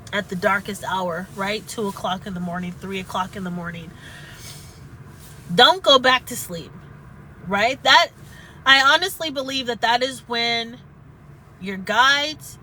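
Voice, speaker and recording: A woman chatting earnestly and haltingly about spiritual healing, at times close to tears. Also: a little high, pushed and bright, slight background noise, low-quality recording. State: tearful at moments. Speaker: spiritual vlogger. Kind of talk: emotional casual chat.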